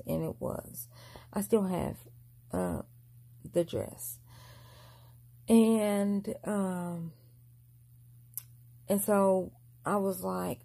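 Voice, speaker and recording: A woman's voice: mid-range voice, vocal fry, warm tone, slightly rough. A young woman telling a long personal story in a casual vlog, mumbling and restarting often. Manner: rambling, mumbled delivery with frequent restarts.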